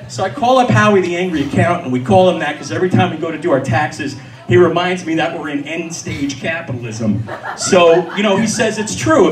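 A man telling a funny story at a live storytelling event, acting out the people in it. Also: on the high side. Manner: lively, acts out the voices of the people in his story. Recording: echoey room, mic far off.

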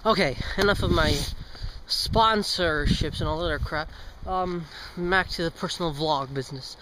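A man's voice: on the high side, normal speed, background noise. A teenage boy vlogging outdoors on a street as he walks, rambling, tripping over his words, joking and swearing casually. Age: teens. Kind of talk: casual vlog. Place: outdoors on a street with passing cars.

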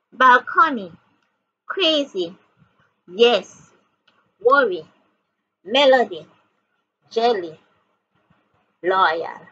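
Jamaican woman, reading teacher, a little high and sharp, spells slowly letter by letter, slightly muffled recording. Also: slightly rough. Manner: spells words letter by letter, repeats words and questions. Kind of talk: slow spelling and reading lesson. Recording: dull lo-fi audio with faint background noise.

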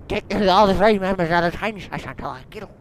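A young man giving excitable let's play commentary, exclaiming and reading game text aloud. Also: high-pitched, normal speed. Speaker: gaming YouTuber. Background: game music.

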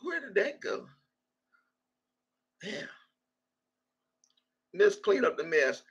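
A woman's voice: medium pitch, very animated, drawn-out words, slightly rough, highs cut off. A woman hosting a casual livestream and reading viewers' comments aloud, brash and profane, often laughing. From Texas. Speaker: livestream host.

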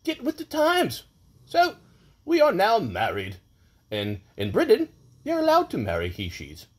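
Playing a pompous, mustached British lord in a comic birthday video, a man uses a full character voice with a breathy edge. He speaks a little slowly with huge pitch swings. His hammy delivery lurches between shrill and low tones.

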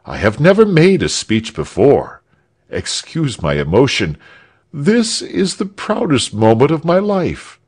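A man's voice: on the high side, darkish tone, slightly rough, pitched above the performer's own voice, heavily acted. A man voicing a modest hero archer, bashful at first, then delivering a proud, grand speech.

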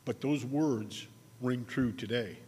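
A man preaching a sermon, telling a personal story in a conversational way and slowing down to stress key words. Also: medium pitch, darkish tone, big-room sound, a little hiss or hum. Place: church sanctuary.

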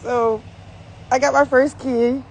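A woman's voice: high-pitched, fairly even intonation, takes it slowly, a little hiss or hum. A young woman on a phone livestream, giddy and overwhelmed, laughing and exclaiming as she talks. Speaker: livestreamer touring her new home. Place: new house, indoors and out.

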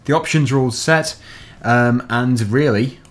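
A man's voice: medium pitch, measured pace. A man giving casual commentary over gameplay as host, explaining the controls step by step in a chatty way. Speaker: gaming video host.

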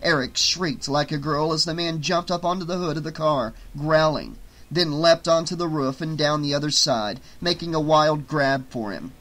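Guy narrating an audiobook, bright clear voice, faint music under it. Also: a little high, moderate pace, rough recording. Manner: steady, even reading. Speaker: audiobook reader.

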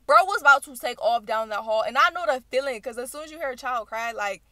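A young woman hosting a reaction channel, recapping a video in animated, chatty storytelling. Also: sits high, fast talker, dry recording. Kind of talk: casual recap vlog.

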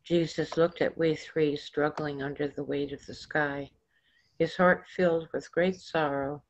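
A woman author reading her own story aloud in a slow, measured storybook manner. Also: low voice, fairly even intonation. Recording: dull lo-fi recording.

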